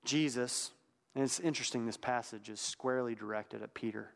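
A man delivers a sermon in an easy, talky manner, reflective and at times hushed. His voice sits at an ordinary middle pitch. A long reverb trails behind his words, as in a large hall. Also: brisk, gravelly. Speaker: preacher.

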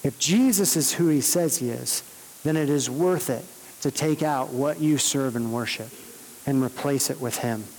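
A man's voice: mid-range voice, moderate pace, a little mellow. Man preaching in a reverberant hall. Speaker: pastor. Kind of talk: sermon.

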